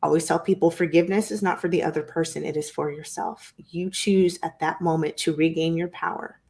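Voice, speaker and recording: Brief female guest healer, low voice, calm measured delivery, rhetorical questions. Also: creaky. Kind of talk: wellness chat and reading.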